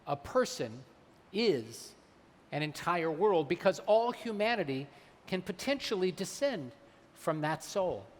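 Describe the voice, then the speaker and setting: A man, a rabbi, delivering a holiday sermon, slowing down and weighing his words when he quotes sacred texts. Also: sits high, sing-song. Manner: measured, slows for emphasis on quoted texts. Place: large synagogue sanctuary. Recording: long hall reverb.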